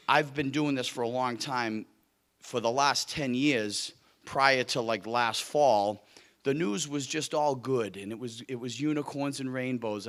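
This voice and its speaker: A man's voice: mid-range voice, bright, forceful tone. A middle-aged man from Cape Cod with a Boston accent, who drops his R's, giving a joking, self-deprecating keynote at a luncheon. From Cape Cod, Massachusetts. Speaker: guest speaker. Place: luncheon hall with audience.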